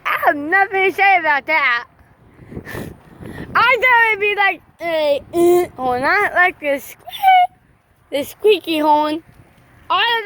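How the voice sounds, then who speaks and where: A young woman vlogging from a roadside, chatting excitedly and calling out to passing trucks. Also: extremely high pitch, a little hiss or hum. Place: roadside outdoors by traffic.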